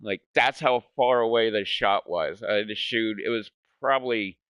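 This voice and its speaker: A man's voice: lowish voice, moderate pace, fairly bright tone, clean tone, no echo. A man hosting a gaming channel, telling a story in casual chat. He rambles, swears a lot and keeps saying "like". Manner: rambling, profane, fills speech with "like".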